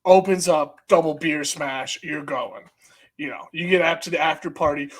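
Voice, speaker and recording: A man co-hosting a sports podcast in a studio, talking loud and excitable, swearing and laughing now and then. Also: a little high, normal speed, husky. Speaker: podcast co-host. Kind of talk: casual sports chat.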